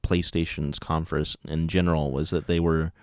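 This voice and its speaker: A man co-hosting a casual radio chat about video games, relaxed and laughing easily. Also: rumbling low, moderate pace, clean tone, dry recording, studio quality. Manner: relaxed, chuckles often, trails off mid-sentence. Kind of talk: casual gaming podcast chat.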